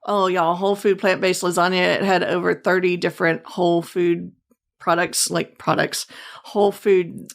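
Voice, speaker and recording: A woman's voice: on the low side, little pitch movement, moderate pace, gravelly. A woman doctor hosting her own show, chatting casually with a guest, laughing often and teasing. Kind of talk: casual chat.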